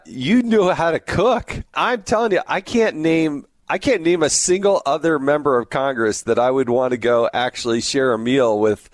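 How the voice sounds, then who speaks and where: A man's voice: medium pitch, no echo, studio quality. A man from the American West hosting a talk show, folksy and emphatic in a casual way. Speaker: host.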